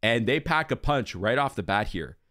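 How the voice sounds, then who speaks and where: A man's voice: medium pitch, moderate pace, no echo, studio quality. A man hosting a music video reaction, talking casually and gushing about what he sees and hears. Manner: animated, gushing, hums along to the melody.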